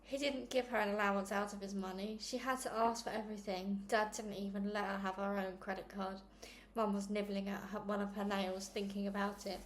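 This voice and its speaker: A woman who hosts a read-along channel, chatty and upbeat before reading a chapter aloud in a steady narration. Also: medium pitch, fairly quick, a little hiss or hum. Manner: chatty and upbeat, self-deprecating. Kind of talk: casual intro, then read-along narration.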